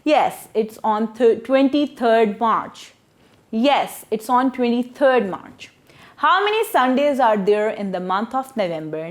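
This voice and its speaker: A woman teaches a textbook lesson in a slightly high voice. Her pitch moves a great deal as she explains, and she slows down to sound out words syllable by syllable.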